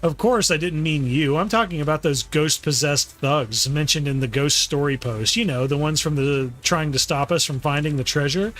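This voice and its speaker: A man's voice: a little high, normal speed, hardly any pauses, a bit bright, natural voice. Figure: Yuzuha. A man reading a teasing young woman. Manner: teasing, breezy.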